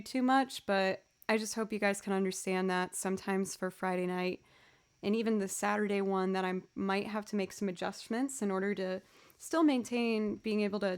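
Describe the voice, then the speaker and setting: A woman's voice: mid-range voice, darkish tone, clean tone. A woman chatting casually on a livestream, tired and yawning, rambling and thanking viewers as she goes. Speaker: streamer and musician.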